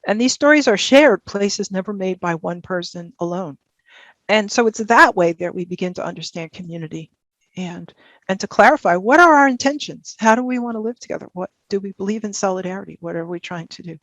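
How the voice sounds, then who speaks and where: Older woman in her 70s, guest speaker, gravelly voice, dry close video-call sound, rambling and thinking aloud. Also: medium pitch, lively intonation, a little fast, fairly bright tone, dry recording. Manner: rambling, self-interrupting, thinks aloud with many fillers. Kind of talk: conversational talk and audience Q&A. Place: home office.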